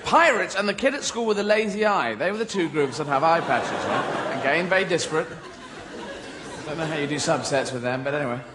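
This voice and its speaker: A man's voice: a little high, expressive, fairly quick, a loud crowd. A man doing stand-up comedy. He rambles through surreal tangents, keeps losing his thread and laughs at his own jokes. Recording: live stand-up with loud background noise.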